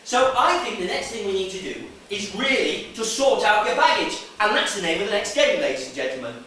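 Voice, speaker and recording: A high, showy game show host. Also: male voice, lively intonation, brisk, bright, forceful tone, slight background noise. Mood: patronizing. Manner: showy, bossy, speaks down to the contestant. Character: brash male game show host Bob, pushy and patronizing. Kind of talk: improvised stage play. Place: theatre stage. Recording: echoey theatre from far off, faint music.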